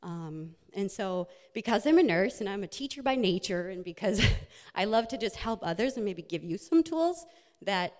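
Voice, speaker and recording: A woman who's a nurse and wellness coach gives an earnest, personal motivational talk with slides, packed with fillers. Her mid-range voice is a little mellow, and the hall is echoey.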